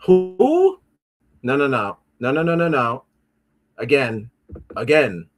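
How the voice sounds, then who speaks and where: A man's voice: mid-range voice, lively intonation, measured pace, a bit bright, soft background music. A man in a mid-range voice hosts a loose pop-culture commentary show. He rambles and swears, circles back on himself, and grumbles at his devices when they stall. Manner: rambling and profane, with frequent restarts and asides; easily frustrated, talks back at his devices. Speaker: podcast host.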